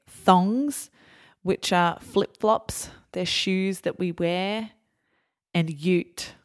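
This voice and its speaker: Upbeat Australian woman hosting a podcast. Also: lowish voice. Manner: upbeat, explains slang slowly and clearly. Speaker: podcast host. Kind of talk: scripted podcast intro and interview.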